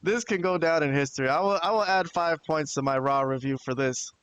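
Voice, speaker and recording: A man talks through a wrestling show in an easygoing live-stream review, his voice smooth and resonant and set a little high. He stays plain-spoken and drops the odd casual curse. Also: fairly quick, a bit bright, muffled recording.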